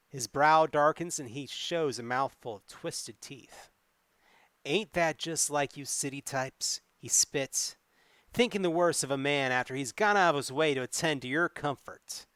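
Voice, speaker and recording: A man's voice: on the high side, fairly bright tone, no echo. A man streaming a solo tabletop adventure, reading its text aloud and adding wry asides. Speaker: solo game player and streamer.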